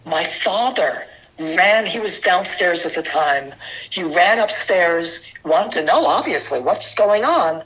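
Older man from New York City, bright voice, earnest and emphatic, giving his testimony as an interview guest. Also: high voice, expressive, measured pace, poor audio. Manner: earnest, emphatic, with frequent restarts.

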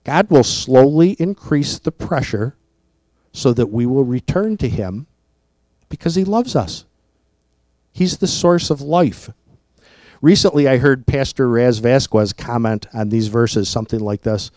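A man preaching a sermon in a deliberate, emphatic way, often asking rhetorical questions. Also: medium pitch, animated, a little mellow, no echo.

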